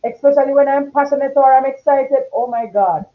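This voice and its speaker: A woman's voice: sits high, a little fast. Strong-toned woman host on a tinny line. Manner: strong, forceful tone, gets loud when passionate. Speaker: talk show host. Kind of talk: casual talk show chat.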